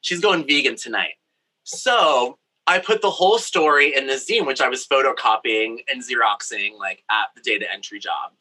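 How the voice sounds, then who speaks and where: Recording in a home craft studio, a young man from Brazil shares a personal story, his manner playful, candid and campy. He talks at normal speed in a medium-pitched voice that sounds pushed and bright, on a rough recording.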